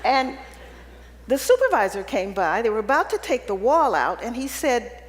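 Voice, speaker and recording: High-voiced woman speaking in a reverberant hall. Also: sing-song, moderate pace. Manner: humorous, conversational, often checking in with "right?". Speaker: keynote speaker. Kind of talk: public speech with personal storytelling. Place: event hall with an audience.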